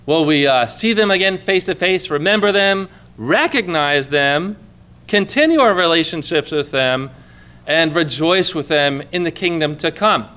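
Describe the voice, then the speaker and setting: Pastor guy preaching, high clear voice, chatty and earnest, lots of questions to the room. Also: expressive, a little slow, bright, forceful tone. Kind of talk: sermon.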